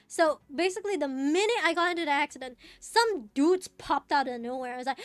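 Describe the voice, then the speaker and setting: Giggly high-voiced young woman streamer. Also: a little fast, fairly bright tone, dry recording. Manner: giggly, rambling with many fillers and restarts. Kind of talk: casual chat while gaming.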